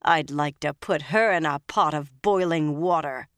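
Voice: medium pitch, moderate pace, no echo, clean studio sound, lightly acted. An audiobook narrator voicing a shaken young woman freed from captivity, her voice quivering, then turning bitter. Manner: quivering, rising to sharp outbursts.

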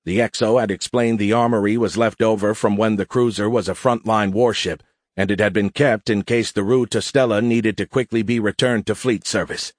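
A man narrates an audiobook in a steady, even storytelling voice. His pitch sits low. The recording is dry and close. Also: moderate pace, no room sound. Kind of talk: scripted narration.

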